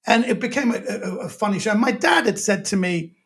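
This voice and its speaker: A male comedian telling a long, self-mocking anecdote as a guest, in a lively, rambling way. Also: sits high, a little fast.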